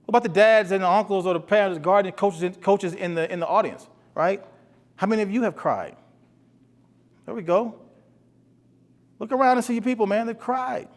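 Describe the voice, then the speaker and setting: A man's voice: high-pitched, moderate pace, long pauses. A man giving an earnest motivational talk to boys, often repeating himself and putting questions to the audience. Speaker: speaker for boys. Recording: long hall reverb.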